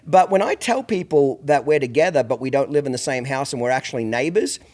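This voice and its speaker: A man's voice: mid-range voice, animated, fairly quick, darkish tone. A middle-aged man hosting a podcast, telling blunt, profane stories in casual chat. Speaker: podcast host.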